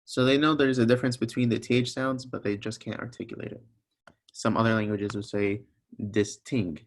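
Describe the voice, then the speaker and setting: A man's voice: medium pitch, level tone, brisk. A young man teaching a recorded language lesson, patiently explaining each sound step by step and repeating examples.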